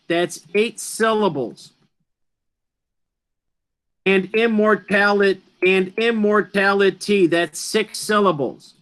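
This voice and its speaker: High-voiced man teaching slowly. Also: fairly bright tone. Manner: emphatic, asks students questions. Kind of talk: online class lecture.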